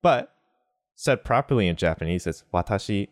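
A man with a very deep voice talks through a relaxed language lesson. He explains step by step with examples, mixing in Japanese words. The sound is dry and close. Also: moderate pace, dry recording. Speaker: language teacher.

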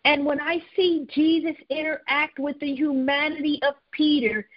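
This is sermon-style teaching from a woman whose high voice holds a steady tone at a moderate pace. The recording is dry, dull and lo-fi, and she keeps repeating herself and restarting sentences partway through.

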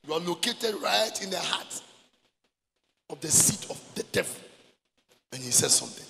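A man preaching a sermon as pastor, mixing Twi and English and shouting for emphasis. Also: on the high side, lively intonation, normal speed, vocal fry, long pauses. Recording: echoey hall with faint noise.

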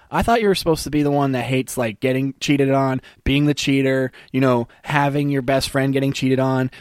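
A man's voice: mid-range voice, dry recording. Male comic reviewer, sarcastic and crude, dry unroomy voice. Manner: sarcastic, profane, mocking. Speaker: movie reviewer. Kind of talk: comedic movie rant.

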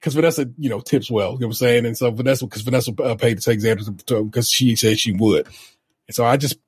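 A man's voice: mid-range voice, fast talker, husky, no room sound, clean studio sound. A man co-hosting a podcast, telling stories in a laid-back, casual way with some profanity. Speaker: podcast co-host. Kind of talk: casual chat.

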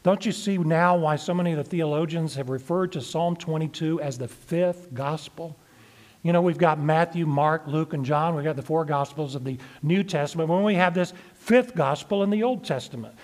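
Male pastor, slightly high voice, measured sermon delivery that lingers on key verses. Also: a little mellow. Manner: measured, slows down to stress verses. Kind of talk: sermon reading and explaining scripture.

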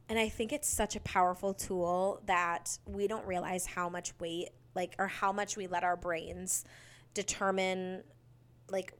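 A woman's voice: medium pitch, clean tone. A young woman in her twenties hosting her own podcast, chatting casually and gushing, full of "like" and "um". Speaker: podcast host. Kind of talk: casual solo podcast chat.

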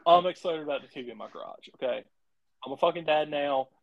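A man's voice: a little high, quick pace, creaky, dry recording, muffled recording. Blunt, profane man on a dry mic. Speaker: podcast co-host. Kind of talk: casual podcast chat.

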